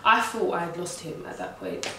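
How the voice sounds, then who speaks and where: Animated woman telling a birth story. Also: fairly low pitch, moderate pace, a little hiss or hum. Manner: animated, swearing, slangy retelling. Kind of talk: casual storytelling. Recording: echoey room heard from a distance.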